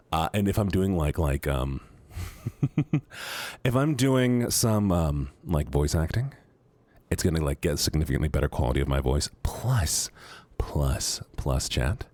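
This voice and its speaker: A man's voice: very deep voice, darkish tone, no room sound. A young man streaming from home, chatting playfully with viewers through a handheld microphone, rambling and teasing. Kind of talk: casual chat with viewers. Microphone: handheld studio microphone.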